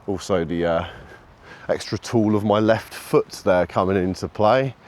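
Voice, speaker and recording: A man talking casually while he walks his dog outdoors, calling out to it in a high sing-song voice between remarks on training, recorded on a camera he carries. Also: unhurried, a little mellow. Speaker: dog owner and trainer filming a walk. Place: outdoors on a countryside walk. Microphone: camera carried while walking.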